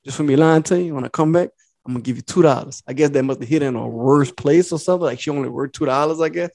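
Speaking fast in a fairly high, creaky voice with a darkish tone, a young man co-hosting a podcast tells a profane story. He acts out both parties casually, and the recording has no echo.

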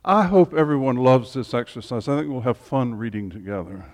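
A man's voice: mid-range voice, animated, a little fast. A man leading a Bible study group, teaching in an informal, chatty way with humorous asides. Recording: long reverb in a hall.

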